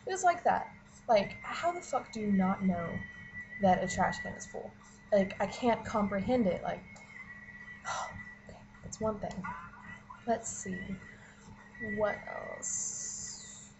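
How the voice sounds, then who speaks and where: A woman's voice: medium pitch, lively intonation, takes it slowly, long pauses, background noise. Young female student vlogger, exasperated casual rant, profane, filler-heavy. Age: young adult. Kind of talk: casual ranting vlog.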